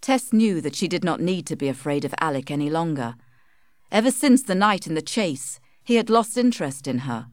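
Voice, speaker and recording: Low, lively woman narrating a story. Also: dry recording, studio quality. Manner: measured, storytelling. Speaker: audiobook narrator. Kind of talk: scripted narration of a simplified classic.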